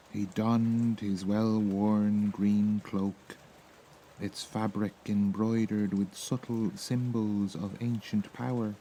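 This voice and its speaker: A man with an Irish accent reading a sleep story in a soft, slow, soothing voice. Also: on the low side, gravelly, slight background noise, rough recording. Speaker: narrator.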